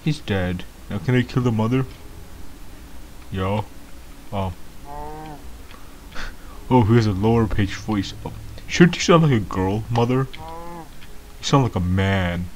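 A man giving excitable, baffled gameplay commentary as a first-time gamer, laughing often. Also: on the low side, slow pace, pauses often, a little hiss or hum.

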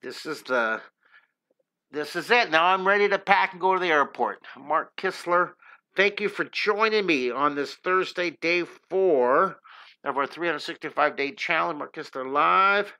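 A man's voice: a little high, measured pace, pushed and bright. A middle-aged man hosting a live drawing lesson, chatting upbeat and encouraging with his viewers as he draws. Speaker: drawing teacher and host.

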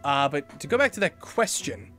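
A man casually chatting while playing a video game, moving from low mumbles to excited outbursts. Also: moderate pace, soft background music. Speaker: gaming video host. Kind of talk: casual let's-play commentary.

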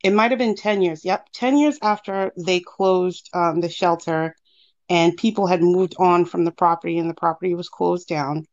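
A woman's voice: lowish voice, normal speed. A woman in her thirties calling in, telling a personal story casually with lots of fillers and acted-out quotes. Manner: animated, acts out quotes, many fillers. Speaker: caller. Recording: muffled lo-fi call audio.

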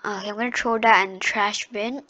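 A woman's voice: mid-range voice, steady tone, a little fast, pushed and bright, dry recording. A woman giving a casual screen-recorded tutorial into her computer microphone, chatty and unpolished, with many fillers and restarts. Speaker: tutorial host.

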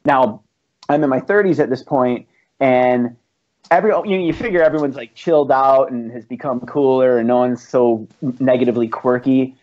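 Speaking at a normal speed in a mid-range, slightly mellow voice, a band's founder and musician sits in as a guest for a casual chat. He spins rambling, profanity-filled tales punctuated by laughs, and the podcast audio is muffled and lo-fi.

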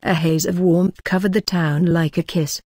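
A woman narrating a novel in a measured, lyrical reading. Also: on the low side, fairly even intonation, darkish tone, breathy edge, dry recording, studio quality. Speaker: audiobook narrator. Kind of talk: scripted narration.

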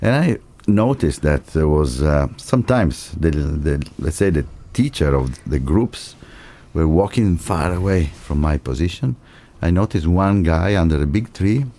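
A man with an Italian accent, an Italian native speaker, telling stories as a guest in a casual interview; a lively storyteller who acts out dialogue and laughs often. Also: extremely low pitch, measured pace, hardly any pauses. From Italy. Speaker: martial arts teacher, podcast guest.

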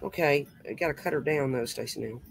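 A woman's voice: very deep voice, fast, vocal fry, slightly rough. A woman hosting a casual crafting chat, talking as she works and tossing in folksy exclamations. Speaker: host.

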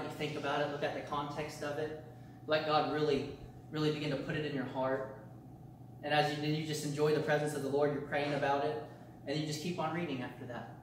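A man's voice: on the high side, slight background noise. A male pastor teaching a church discipleship class, earnest and repetitive, often restarting his phrases. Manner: earnest, repetitive preaching cadence with frequent restarts. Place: church meeting room. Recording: very echoey room, mic far off.

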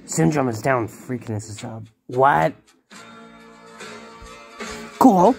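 Low gravelly woman reacting loudly. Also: lively intonation, takes it slowly. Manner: loud startled exclaiming, gasps and laughs. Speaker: reaction video host. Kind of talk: casual reaction commentary. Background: meme video audio and music playing.

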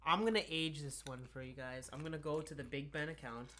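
A man's voice: fairly high pitch, steady tone, brisk, bright, forceful tone, a little hiss or hum. A man co-hosting a podcast in casual chat, telling stories in a laid-back way, full of "like" fillers. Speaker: podcast co-host.

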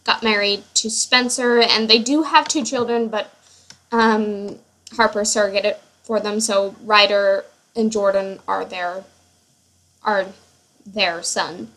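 Young woman rambling slowly about her sims family, lots of ums and restarts. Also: mid-range voice, steady tone, a bit bright, poor audio. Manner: chatty, rambling with many fillers and self-corrections. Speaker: Sims player. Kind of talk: casual gameplay commentary.

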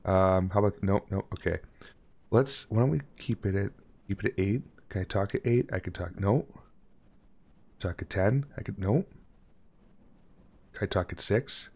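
A man streaming a horror game, joking with chat and reading on-screen instructions aloud, often dropping to a hush. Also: fairly low pitch, moderate pace, vocal fry, pauses often, breathy edge. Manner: jokey, reads on-screen text aloud, drops to a hush. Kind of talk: casual gameplay commentary.

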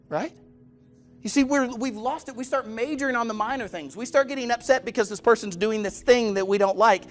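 A man's voice: sits high, lively intonation, brisk, faint music behind. A male pastor preaching a sermon in a direct manner, putting questions to the congregation and acting out the people in his stories. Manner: storytelling, acts out quoted voices. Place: church.

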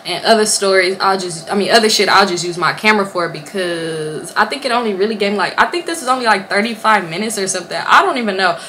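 A young woman chats straight to her camera at home, spinning a storytime in a casual, animated way. Her voice is bright and a little forceful, and she swears freely and acts out what everyone said. Faint background noise sits under her voice. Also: mid-range voice, fast talker, hardly any pauses. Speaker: vlogger. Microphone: camera or phone on a stand.

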